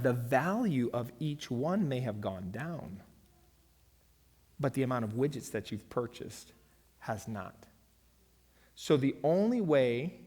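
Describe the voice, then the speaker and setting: A man, a pastor, teaching a church finance lesson in a lively storytelling way and quizzing his audience. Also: medium pitch. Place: church hall. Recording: long hall reverb.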